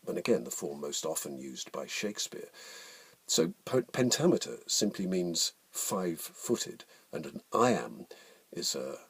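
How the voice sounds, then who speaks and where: Deep-voiced, resonant actor. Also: male voice, vocal fry, fairly bright tone, breathy edge. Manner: measured, explanatory. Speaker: actor and host. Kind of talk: spoken lesson with poetry reading.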